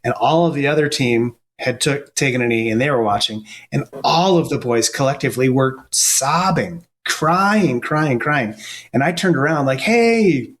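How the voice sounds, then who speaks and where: A man's voice: medium pitch, moderate pace, fairly bright tone. A middle-aged man speaks in an ordinary mid-range voice. He tells stories earnestly and casually, often stopping and restarting his sentences. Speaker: firefighter and paramedic guest. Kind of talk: casual storytelling interview.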